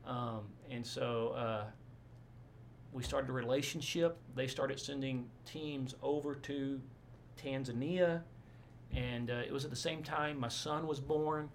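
A man, a pastor, telling stories in a casual interview, rambling and animated with many asides. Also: medium pitch, unhurried, slight background noise.

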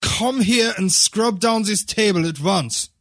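A man's voice: high-pitched, slow, dry recording, clean studio sound, pitched above the performer's own voice, exaggerated voice. A male narrator voicing a harsh, bullying cafe waitress who scolds her young son. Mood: scolding. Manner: sharp, bullying, impatient. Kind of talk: audiobook character voice.

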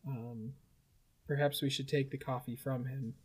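A man playing a calm, soothing doctor who speaks softly and hesitantly. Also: mid-range voice, a little slow, husky.

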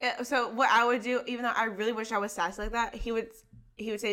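A young woman from Texas co-hosting a casual chat, telling stories with big, animated laughter. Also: on the high side, fast. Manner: animated, laughing, dramatic storytelling. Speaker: podcast co-host.

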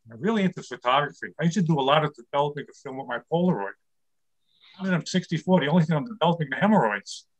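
A man's voice: fairly high pitch, lively intonation, very fast, dull audio. A man in his sixties from New York City doing a stand-up comedy set over a video call from his home studio, firing off one-liners and laughing at his own jokes. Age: 60s. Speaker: stand-up comic.

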